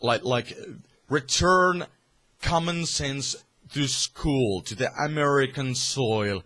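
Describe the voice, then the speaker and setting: A man's voice: medium pitch, lively intonation, slow pace, bright, forceful tone. A man from Finland with a Finnish accent, delivering a heated, profane political rant to camera with many restarts. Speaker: vlogger.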